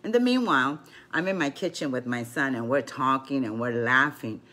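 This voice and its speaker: A woman's voice: a bass voice, expressive, moderate pace, pushed and bright. An older woman and grandmother telling a rambling story between rune and card readings, full of "you know" asides, as a casual vlog.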